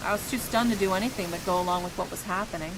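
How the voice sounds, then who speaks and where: A woman's voice: mid-range voice, rapid-fire, very noisy, close to an everyday voice. A woman voicing an earnest, troubled young man in a game, speaking seriously.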